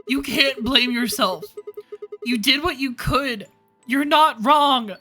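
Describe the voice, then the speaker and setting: A woman voicing a frantic young game hero, shouting and pleading in a bright, sharp voice. Faint lo-fi music plays behind. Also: high-pitched, slow, voice pushed up, full character voice. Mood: desperate. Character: desperate young man crying out for a friend. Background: faint lo-fi background music.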